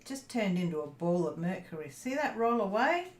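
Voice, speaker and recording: A woman's voice: mid-range voice, sing-song, normal speed. A woman chatting casually to viewers during a crafting livestream, muttering to herself as she works. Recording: echoey room, faint background noise.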